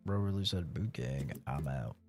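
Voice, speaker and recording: A man's voice: a bass voice, lively intonation, moderate pace, a little mellow, soft background music. A man streaming a horror game, chatting casually over gameplay, swearing and joking around. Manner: profane, joking, blurts silly sing-song noises.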